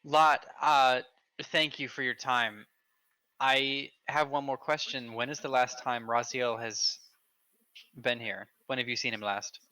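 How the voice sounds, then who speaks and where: A polite, earnest adventurer, as a player voices him at a tabletop game, speaking in formal, courteous phrases. The voice is bright and smooth, with a dry, close sound. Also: male voice, mid-range voice, fairly even intonation, unhurried, dry recording, rough recording.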